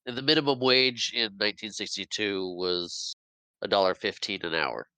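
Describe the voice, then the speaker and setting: A man's voice: lowish voice, normal speed, sharp tone, clean tone, dry recording, poor audio. A man co-hosting a podcast, chatting casually about a movie with wry asides and frequent laughs. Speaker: podcast co-host. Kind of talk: casual movie recap chat.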